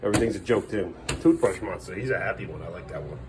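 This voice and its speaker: A man's voice: very fast, noisy background. A man, a father, talking through an evening at home with his kids in a casual vlog, recorded on a phone. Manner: mutters low asides, then raises voice sternly at kids. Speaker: father vlogging family life. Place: family home indoors. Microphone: handheld phone.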